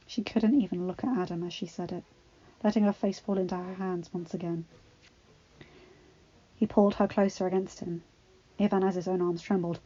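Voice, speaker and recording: A woman reading fan fiction aloud in a steady, earnest storybook narration. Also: medium pitch, a little fast. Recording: slightly dull, faint background music.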